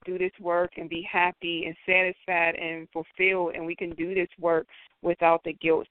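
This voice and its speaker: A woman's voice: lowish voice, dry recording. A woman social worker speaking as a podcast guest, earnest and repeating words as she searches for them. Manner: earnest, repeats herself while finding words. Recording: dry phone-line sound.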